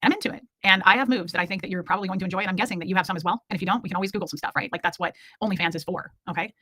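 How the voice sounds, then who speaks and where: A woman's voice: lowish voice, racing, bright, forceful tone, no room sound. A woman in her forties hosting a casual livestream, chatting candidly and jokily while reacting to viewer comments. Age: 40s. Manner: candid, rambling, jokey, reacts to chat. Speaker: livestream host.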